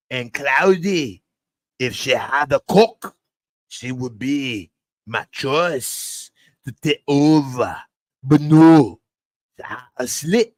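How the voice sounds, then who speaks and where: A man's voice: medium pitch, no echo. A boastful older crime boss, scornful and rambling, who takes his time over every word, as a man puts him on in a comic impression. The sound is dry and close to the mic. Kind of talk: comic character impression in a TV review.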